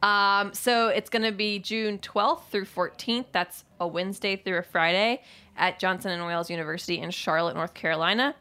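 A woman's voice: medium pitch, normal speed, pushed and bright, smooth. A young woman hosting a radio show in a studio, chatting casually and laughing often. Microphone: studio microphone.

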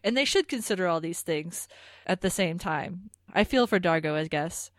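A woman co-hosting a podcast with a lowish voice, talking things through in a thoughtful, hedging way. The recording is close and dry with no room sound. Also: animated, moderate pace, no room sound. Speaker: podcast co-host. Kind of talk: casual discussion.

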